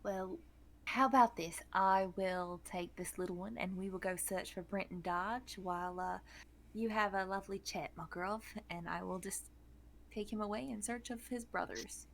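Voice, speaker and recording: A woman's voice: mid-range voice, fairly even intonation, moderate pace, vocal fry. A woman playing a tabletop game, speaking in character with a motherly, firm and teasing manner. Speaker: player. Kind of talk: in-character tabletop role-play.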